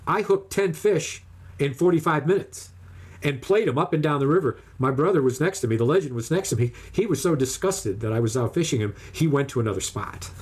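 Husky man telling a fishing story. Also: on the high side, a little fast. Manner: animated, acts out other people's lines in raised voices. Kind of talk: casual storytelling chat.

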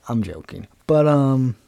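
A man's voice: medium pitch, gravelly, warm tone, no echo. A young man hosting a talk show, ranting casually in a blunt, sarcastic and profane way, rambling with lots of fillers. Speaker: podcast host.

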